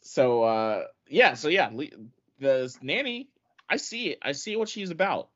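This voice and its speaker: A man hosts a podcast in casual chat, his medium-pitched voice sing-song, a little slow, and fairly bright. He's blunt and full of hesitant fillers, and the podcast audio is dull and lo-fi.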